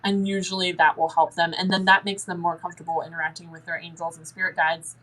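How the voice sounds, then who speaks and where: A young woman answering listener questions as a guest in a paranormal Q&A, chatty and lively, often acting out little dialogues. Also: fast, low-quality recording. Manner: chatty, acts out dialogue in a higher voice.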